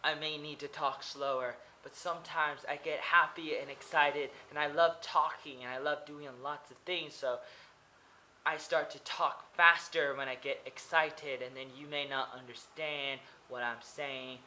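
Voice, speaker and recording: Bright slow-talking man in his twenties. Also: on the high side, fairly even intonation, slight background noise. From Oregon, USA. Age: 20s. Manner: repeats and rephrases simply for learners. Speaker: English teacher. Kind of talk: slow explanatory vlog for English learners.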